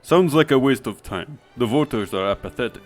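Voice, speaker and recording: A man's voice: medium pitch, expressive, fairly quick, soft background music, close to an everyday voice. Man putting on a curt fake-Russian snowboarder. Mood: aloof. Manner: curt, dismissive, loud. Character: cold, aloof young male snowboarder.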